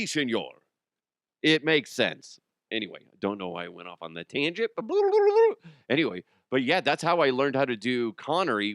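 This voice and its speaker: A man's voice: lowish voice, fairly bright tone, dry recording, clean studio sound. Rambling jokey man on a podcast. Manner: rambling, jokey, slips into impressions. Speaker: podcast host. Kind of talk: casual comedic monologue.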